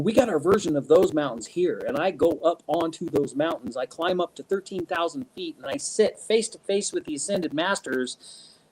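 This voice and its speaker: Excitable man telling rambling stories. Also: fairly high pitch, husky, low-quality recording. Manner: rambling, laughs mid-story, many restarts. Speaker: guest speaker. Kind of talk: casual storytelling interview.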